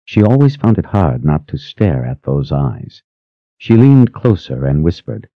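A man narrating a story in a measured, even storytelling voice. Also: a bass voice, no room sound. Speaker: audiobook narrator. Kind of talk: scripted narration. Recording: slightly muffled dry recording.

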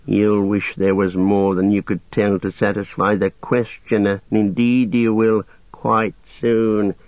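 A man voicing a sly, menacing male goblin who speaks in a slow, soft hissing whisper. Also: fairly low pitch, level tone, no echo. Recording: tinny phone-like sound.

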